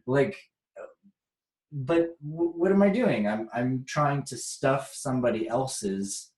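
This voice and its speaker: Slow, reflective American man, roomy echo. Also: mid-range voice, darkish tone. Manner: reflective, unhurried, chuckles often. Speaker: workshop teacher. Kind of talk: spiritual workshop talk.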